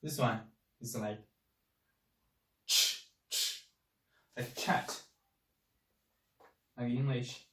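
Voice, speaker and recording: Slow, patient male Chinese teacher. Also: medium pitch. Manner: slow, repeats each sound many times. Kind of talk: language lesson. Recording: echoey room, mic at a distance.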